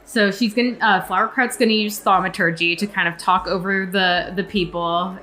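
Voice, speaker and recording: A woman's voice: mid-range voice, fairly even intonation, normal speed, sharp tone. A woman playing a tabletop game who plans her moves hesitantly, thinking aloud. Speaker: player. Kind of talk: casual tabletop play.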